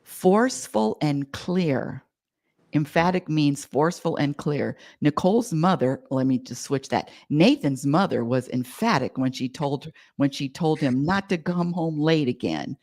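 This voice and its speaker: A middle-aged woman co-hosting a casual chat show with her son, playful and spelling out words slowly. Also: low voice, darkish tone. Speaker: co-host.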